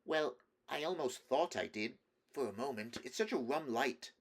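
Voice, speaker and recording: A man's voice: mid-range voice, lively intonation, moderate pace, voice pushed up. A man reading a storybook and voicing an eager young boy, a king, in raised, breathless exclamations. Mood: wondering.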